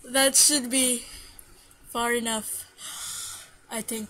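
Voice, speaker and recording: Panicky high-voiced woman playing a game. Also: steady tone, slow pace, pauses often, a bit bright, slight background noise, rough recording. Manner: panicky, shrieks and repeats words when scared. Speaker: gameplay commentator. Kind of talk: playing and reading game dialogue aloud. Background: game music.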